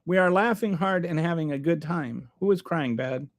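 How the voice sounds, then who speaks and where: Sarcastic high-voiced man on a livestream. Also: moderate pace. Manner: sarcastic, rambling with restarts. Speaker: livestream host reading chat. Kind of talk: political livestream commentary.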